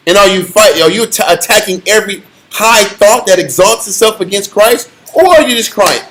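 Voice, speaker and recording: A man's voice: sits high, expressive, a little fast, fairly bright tone, poor audio. A man teaching a scripture class, preaching emphatically and firing rhetorical questions at his listeners. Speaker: Bible teacher.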